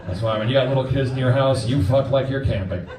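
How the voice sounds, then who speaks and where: A man in his forties doing a stand-up comedy set, crude and punchy, acting out quick voices. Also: mid-range voice, a crowd in the background. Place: comedy club stage before a live audience. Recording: roomy club sound from a distance, audience laughter.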